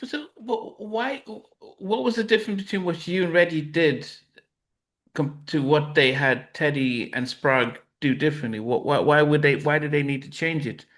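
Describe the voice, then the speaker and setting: A man's voice: on the high side, normal speed, fairly bright tone. A man hosting an interview, asking questions that stumble and restart often. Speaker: interview host.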